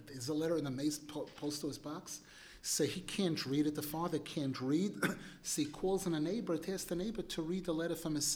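A man as religious teacher giving an animated storytelling sermon, emphatic and clearing his throat now and then. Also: on the high side.

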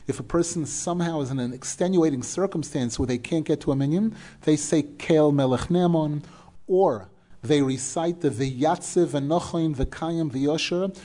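A man delivers a Torah class lecture in a mellow, dark-toned voice pitched slightly high. He works through his explanation patiently, stressing key words and asking rhetorical questions. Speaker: Torah teacher.

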